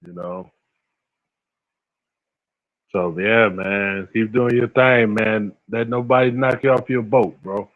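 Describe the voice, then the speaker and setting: On a phone-quality, lo-fi recording, a fortysomething livestream host chats casually and reads comments aloud. His voice sits on the low side with fairly even intonation, and he talks slowly with frequent pauses. Relaxed and slangy, he laughs often and calls out viewers by name.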